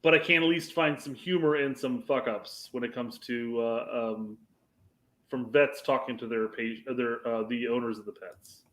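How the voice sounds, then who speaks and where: A man's voice: medium pitch, fairly even intonation, normal speed, a bit bright, echoey room. A man co-hosting a podcast in casual chat, joking and profane, often restarting his sentences. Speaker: podcast co-host.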